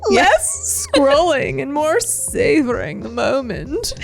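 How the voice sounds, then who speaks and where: A woman putting on a sultry, breathy ad voice. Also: high voice, expressive, slow pace, soft background music, heavily acted. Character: sultry whispery woman reading an ad.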